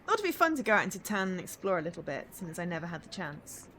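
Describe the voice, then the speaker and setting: A young adult woman streaming a visual novel, reading the story aloud in an expressive, dramatic first-person voice. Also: lowish voice, quick pace, a little hiss or hum, rough recording.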